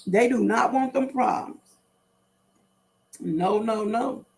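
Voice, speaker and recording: A woman's voice: fairly high pitch, slow, a little mellow. A middle-aged woman hosting a casual livestream, talking straight to her viewers in a repetitive, emphatic way. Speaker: livestream host.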